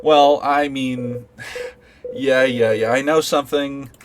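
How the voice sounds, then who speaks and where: A man's voice: mid-range voice, steady tone, takes it slowly, noisy background, lightly acted. A man voicing a young woman roommate who talks in a hesitant, apologetic way, over background music. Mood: sheepish.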